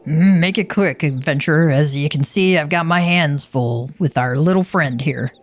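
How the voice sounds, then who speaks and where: A woman voicing a gruff, blunt male naval commander in a video game, speaking in an old-fashioned way. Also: sits low, moderate pace.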